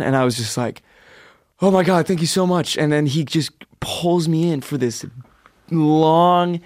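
A man in his twenties, a singer, excitedly telling a story in an interview and acting out quotes. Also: a little high, measured pace, no echo, clean studio sound. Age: 20s. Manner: animated, swears, acts out quotes in whispers. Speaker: guest singer.

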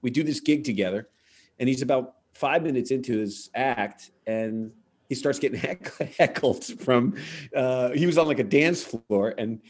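A man's voice: medium pitch, moderate pace, a little mellow. Man, middle-aged, comedian, podcast host, casual storytelling, punchy delivery. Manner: anecdotal storyteller, acts out quoted voices with punchlines.

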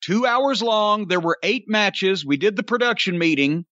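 Profane ranting older man, high bright voice. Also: animated, normal speed, dry recording, highs cut off. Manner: profane, ranting, sarcastic storyteller. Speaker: podcast host. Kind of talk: casual podcast rant.

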